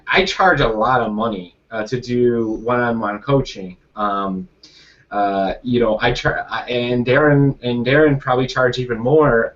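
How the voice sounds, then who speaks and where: A man's voice: mid-range voice, a bit bright. Rambling male coach on a call. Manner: rambling, many restarts and fillers. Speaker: coach hosting a live call. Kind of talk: casual group video call. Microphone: video call. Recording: distant, dull lo-fi sound.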